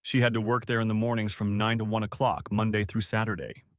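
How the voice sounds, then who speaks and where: A man's voice: fairly low pitch, level tone, a little fast, no room sound, studio quality. A man narrating a first-person story as an audiobook, telling it expressively.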